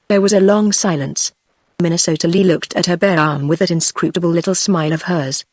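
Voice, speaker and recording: A text-to-speech voice reading a novel aloud as narrator, in an even, machine-read delivery. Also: medium pitch, a little fast, no echo, studio quality. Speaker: audiobook narrator.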